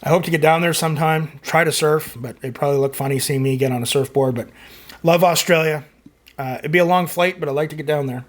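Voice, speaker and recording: Guy, middle-aged, kinda high voice, rambly and chatty, lots of you-knows. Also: fast. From Canada. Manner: rambling, chatty, full of fillers. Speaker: music reaction channel host. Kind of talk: casual chat reading viewer comments.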